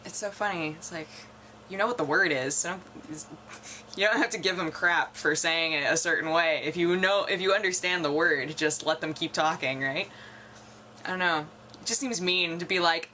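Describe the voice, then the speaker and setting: A woman's voice: on the low side, moderate pace, sharp tone, slight background noise. A young woman from North America chatting casually to camera, rambling and musing, often laughing and trailing off. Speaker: vlogger.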